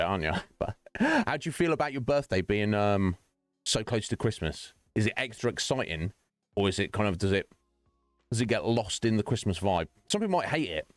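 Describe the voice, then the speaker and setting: A man hosts a live stream, chatting loosely with viewers and breaking into laughter at his own jokes. His voice sits fairly low but moves through a lively, animated pitch range. The recording is dry, with faint music underneath. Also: dry recording. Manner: chatty, rambling, joking, laughs often. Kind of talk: casual chat with viewers.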